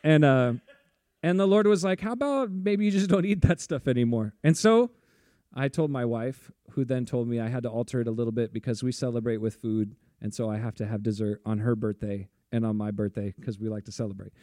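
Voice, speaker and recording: A man's voice: medium pitch, fairly even intonation, a little fast, warm tone, dry recording, clean studio sound. A man preaching a sermon in a casual, chatty way, laughing often and saying "like" a lot. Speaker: pastor.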